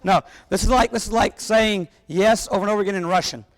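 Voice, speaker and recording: High-pitched and fast-talking, a band clinician rehearses a wind band in a large hall, where the recording picks up long reverb. He coaches the players energetically and sings rhythms on syllables.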